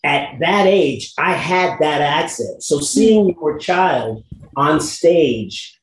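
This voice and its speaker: A man's voice: a little high, expressive, drawn-out words, reverberant, rough recording. A man guesting in a casual chat, talking animatedly and laughing often. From England. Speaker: guest actor.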